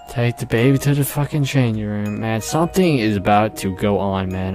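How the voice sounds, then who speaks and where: A man's voice: on the low side, a little fast, few pauses, music in the background. A young man playing a horror game, jumpy and nervous, swearing often and laughing at his own scares. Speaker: gamer.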